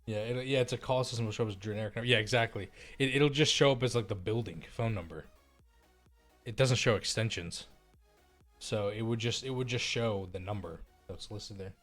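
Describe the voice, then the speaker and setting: A man's voice: on the low side, normal speed, fairly bright tone, faint music behind. A young man streaming live and chatting casually through a cheap desk mic, rambling, repeating himself and laughing often.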